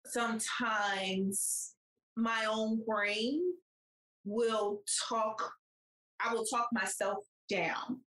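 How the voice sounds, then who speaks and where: A woman's voice: on the high side, steady tone, extremely slow, fairly bright tone, echoey room, rough recording. A woman co-hosting a podcast in casual chat, playful and teasing. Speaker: podcast co-host.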